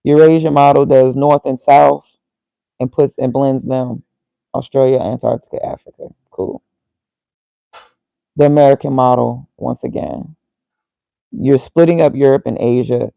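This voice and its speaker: Gravelly man muttering to himself. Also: mid-range voice, steady tone, a little slow, pauses often, warm tone, no room sound, rough recording. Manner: muttering, reads aloud and reacts to himself. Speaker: vlogger. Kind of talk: casual thinking aloud while reading.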